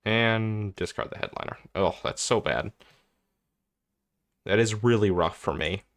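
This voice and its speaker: A man's voice: lowish voice, unhurried, fairly bright tone. A young man commenting on his own card game match as he plays, thinking aloud, swearing and getting exasperated. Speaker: content creator playing a card game. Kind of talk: gameplay commentary.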